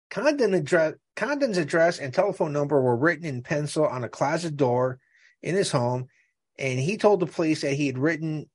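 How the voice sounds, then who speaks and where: A man's voice: fairly high pitch, darkish tone. A man from the American Midwest co-hosting a podcast, chatting casually and reading aloud, often hesitating and repeating words. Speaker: podcast co-host.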